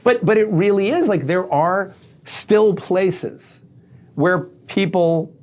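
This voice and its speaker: New york guy, lawyer, sarcastic and animated, casual podcast chat. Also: high-pitched, takes it slowly. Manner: animated, sarcastic, acts out quoted dialogue. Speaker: attorney.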